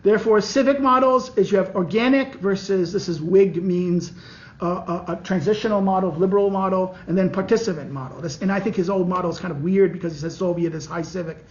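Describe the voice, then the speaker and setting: A man, a political science professor, giving a halting classroom lecture with many restarts while walking through diagrams. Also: high voice. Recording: muffled lo-fi lecture recording.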